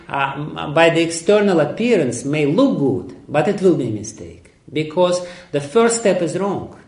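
A man giving an emphatic sermon on scripture, often laughing. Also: high voice. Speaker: lecturer on scripture. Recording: echoey room.

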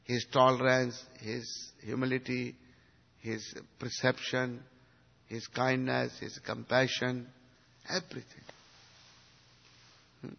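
Husky man giving a devotional lecture. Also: medium pitch, completely flat delivery, slow pace, pauses often. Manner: swings from hushed to emphatic, asks the audience questions. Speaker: spiritual teacher. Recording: dull recording in a reverberant hall.

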